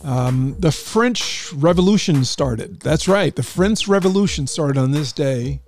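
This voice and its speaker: Chatty, lively-voiced male radio DJ. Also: on the high side, measured pace. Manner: rambling, joking and chatty. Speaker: radio DJ host. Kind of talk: casual radio show chat. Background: music playing.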